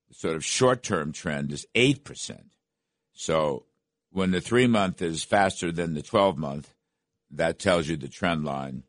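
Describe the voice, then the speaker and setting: A man's voice: deep voice, dry recording. An older man hosting a talk radio show, delivering emphatic, repetitive political commentary from a studio. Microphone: studio microphone.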